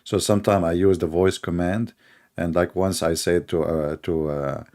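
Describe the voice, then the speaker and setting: A middle-aged man speaks English, hosting a sarcastic commentary show. His somewhat low voice has a gravelly edge, and he mocks his subject while laughing at his own jokes. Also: steady tone, moderate pace, a little mellow. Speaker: show host. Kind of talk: mocking commentary.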